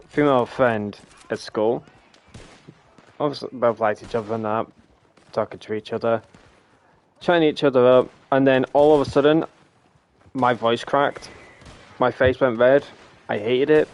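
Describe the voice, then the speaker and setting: A man's voice: mid-range voice, steady tone, a little slow, pauses often. A young man telling a story in casual chat while gaming, rambling and swearing a lot. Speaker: streamer.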